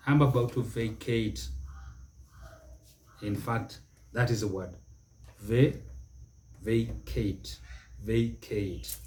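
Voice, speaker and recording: A middle-aged man hosting a spoken lesson, repeating each word slowly and deliberately for emphasis. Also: mid-range voice, dark tone. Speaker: pronunciation teacher and show host. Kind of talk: spoken English lesson to camera.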